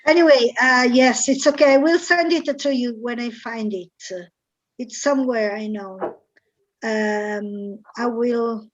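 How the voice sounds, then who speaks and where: A woman with a slightly high, unhurried voice, captured in dull audio, teaches an online English class. She quizzes her students hesitantly, filling her speech with fillers and searching aloud as she goes.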